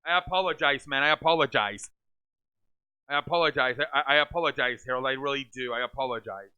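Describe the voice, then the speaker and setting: A man hosting a live sports reaction stream, scolding chat viewers over and over and calling the plays in a loud, repetitive way. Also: medium pitch, fast talker, clear, resonant tone. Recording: dull lo-fi stream audio.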